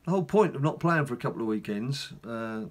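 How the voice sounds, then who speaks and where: A man's voice: medium pitch, animated, quick pace. A middle-aged man, casually commenting on his own gameplay in a rambling, chatty way with wry asides. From England. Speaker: gaming channel host.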